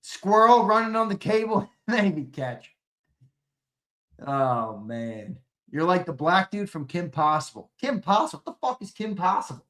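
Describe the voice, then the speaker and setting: Sitting high in pitch and going a little slow, this man runs a sports talk show as a casual livestream chat. He swears a lot, erupts into loud, excitable rants, and banters and laughs in response to viewer comments.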